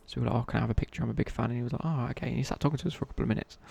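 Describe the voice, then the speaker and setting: A man's voice: mid-range voice, steady tone, racing, creaky, a little mellow, slightly rough. A young man telling a rambling casual story in a whispered ASMR chat. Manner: rambling, casual, many fillers and restarts. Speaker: ASMR creator.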